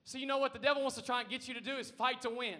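A man preaching an energetic sermon as pastor, talking with the congregation, asking them questions and now and then breaking into shouts. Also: very high-pitched, rapid-fire. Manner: conversational, asks the congregation questions, bursts into shouts. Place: church sanctuary. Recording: long reverb of a large hall.

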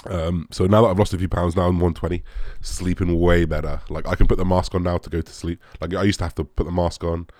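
A man's voice: low-pitched, flat delivery, fast talker, few pauses, darkish tone, no echo, studio quality. A young man, a bodybuilder, answering viewer questions in a rambling casual chat, full of fillers and the odd swear.

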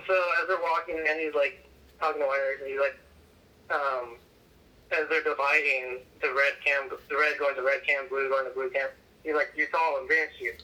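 A man's voice: mid-range voice, flat delivery, moderate pace, pushed and bright, far from the mic, poor audio. A man co-hosting a podcast, casually retelling a movie plot with lots of fillers and swearing. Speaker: podcast co-host. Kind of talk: casual movie recap chat.

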